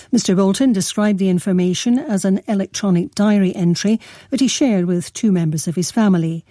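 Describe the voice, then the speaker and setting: Dark-voiced woman reading the news. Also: medium pitch, no room sound, clean studio sound. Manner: measured, formal newsreading. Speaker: newsreader. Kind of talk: read news bulletin.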